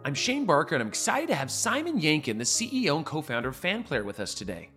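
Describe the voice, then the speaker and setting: Fast-talking enthusiastic male podcast host. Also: on the high side, wildly swooping pitch, pushed and bright, husky, soft background music. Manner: enthusiastic, rambling with restarts. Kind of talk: casual interview chat.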